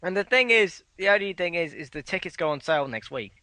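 A man's voice: high voice, expressive, fast, pushed and bright, no echo. A man co-hosting a casual podcast chat, recapping news bluntly and swearing freely. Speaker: podcast co-host.

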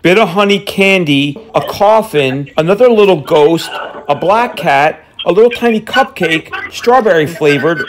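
A man's voice: high-pitched, lively intonation, measured pace, noisy background. A man making prank phone calls, taunting and mocking, dropping Hindi phrases. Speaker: prank caller.

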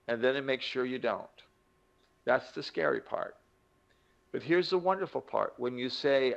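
Gravelly older man, emphatic motivational talk. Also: medium pitch, lively intonation, a little slow, fairly bright tone, dull audio. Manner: emphatic, acts out quoted voices. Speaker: self-help teacher.

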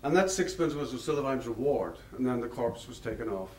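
A male lecturer telling stories in a rambling, anecdotal manner and chuckling now and then. His voice sits at an ordinary middle pitch and sounds distant, picked up far from the mic in a roomy hall with a faint hum of ambience behind. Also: lively intonation, fairly quick. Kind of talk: public lecture with storytelling.

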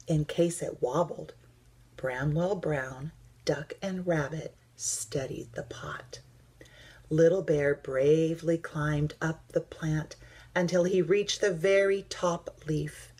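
Taking it slowly in a low, breathy voice, a female teacher shares a picture book with children. Her reading is soft and expressive, with the narration kept hushed.

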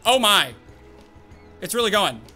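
A young man narrates his gameplay with an animated, exclaiming manner. His voice sits high and swings widely in pitch. Faint music plays underneath. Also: a little slow. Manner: animated, exclaims and laughs at the game. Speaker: gaming YouTuber. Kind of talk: excited gameplay commentary.

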